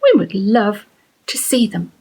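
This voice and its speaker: A middle-aged Irish woman runs a children's writing lesson at a gentle, slow pace. Her voice is soft and breathy. She asks encouraging questions and reads poems aloud with care. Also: mid-range voice, sing-song, rough recording. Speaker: children's writing workshop presenter.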